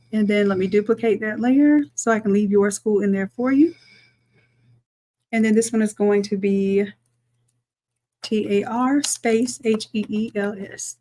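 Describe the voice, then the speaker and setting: A woman, a design instructor chatting through a live-streamed software tutorial, talking to viewers as y'all and thinking aloud as she works. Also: mid-range voice, fairly even intonation, unhurried, long pauses.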